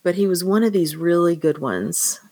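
Low-pitched woman co-host, chatty, acts out quotes, dry close mic. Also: animated, normal speed, dark tone, dry recording. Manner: chatty, retells scenes in acted quotes, laughs often. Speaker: podcast co-host. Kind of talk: casual film discussion.

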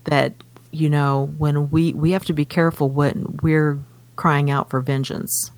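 A woman's voice: deep voice, flat delivery, measured pace, darkish tone, no echo. A woman co-hosting a casual book discussion, reading passages aloud from the novel between her comments. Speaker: podcast co-host.

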